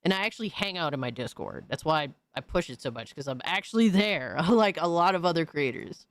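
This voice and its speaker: A man's voice: on the high side, expressive, a little fast, fairly bright tone. A man hosting a stream, ranting in a blunt, profane and mocking way full of slang. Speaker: streamer host. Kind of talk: casual profane rant.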